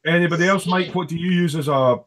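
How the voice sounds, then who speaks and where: A man's voice: on the high side, fast, background noise. Scottish man hosting a hobby chat. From Scotland. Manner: hesitant, many fillers and restarts. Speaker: host of a model-building live stream. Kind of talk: casual group chat.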